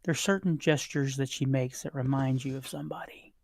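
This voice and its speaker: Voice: mid-range voice, steady tone, fairly quick, vocal fry, dry recording. A game master casually narrating a tabletop game with many fillers.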